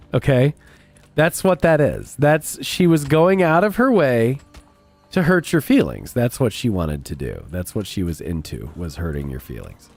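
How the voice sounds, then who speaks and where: Animated man streaming, swinging pitch wildly. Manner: profane, blunt, rambling. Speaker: game streamer. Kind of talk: casual chat while gaming.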